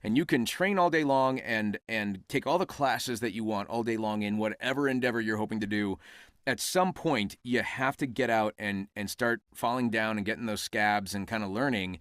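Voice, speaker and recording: Lively storytelling man, low and dry. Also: moderate pace, no echo. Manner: animated storyteller who acts out quoted exchanges. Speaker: voice actor guest. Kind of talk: casual podcast interview.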